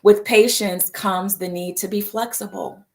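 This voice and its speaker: On her live mindfulness show, a mid-range, slightly slow woman with vocal fry chats casually about setting an intention. Playful and animated, she reads out viewer comments, sprinkles in "right?" and "y'all," laughs readily between reflective moments, and puts on exaggerated voices for asides.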